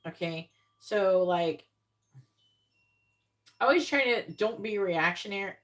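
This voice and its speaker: Speaking slowly but with plenty of animation, a woman with a mid-range voice reads tarot on a live stream. She doesn't mince words, curses freely in a relaxed way, and voices the people she quotes.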